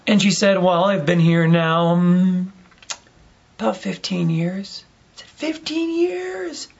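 Priest telling a story in a homily. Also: male voice, sits high, unhurried, gravelly, dull audio. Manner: relaxed, conversational, acts out dialogue.

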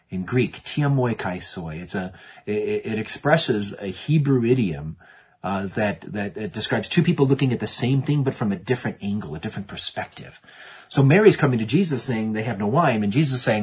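A man's voice: fairly low pitch, expressive, a little fast, a little mellow, husky. A man preaching a sermon in an earnest way, often repeating words as he restarts and acting out the quotes.

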